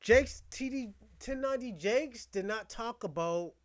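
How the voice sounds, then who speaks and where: A man's voice: very high voice, expressive, unhurried. A man from Boston giving a casual commentary rant, blunt, profane and repetitive as he vents. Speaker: commentary host.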